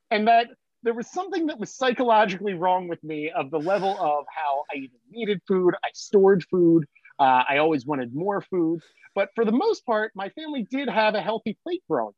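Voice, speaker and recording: A man's voice: sits high, lively intonation, normal speed, dry recording, muffled recording. A man from South Jersey, a podcast guest, telling stories in a rambling way full of fillers. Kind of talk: casual storytelling.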